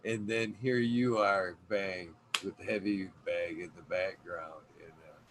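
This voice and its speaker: A man's voice: low voice, fairly even intonation, unhurried, fairly bright tone. A man hosting a podcast, telling a story in a rambling, profane way with plenty of fillers. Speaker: podcast host. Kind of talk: casual storytelling.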